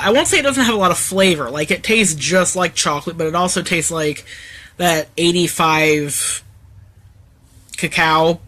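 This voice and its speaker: A bright-toned man with a slightly high voice holds forth on a casual phone live stream. He rambles, swears freely and fills pauses with ums, unhurried and offhand. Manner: laid-back, profane, rambling with fillers. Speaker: co-host.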